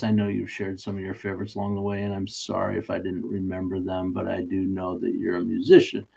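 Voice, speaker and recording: Gravelly, chatty live-stream host guy. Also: on the low side, mellow. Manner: chatty, self-mocking, laughs often mid-sentence. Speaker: live stream host running a daily trivia guess. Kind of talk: casual live-stream chat. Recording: dull lo-fi stream audio.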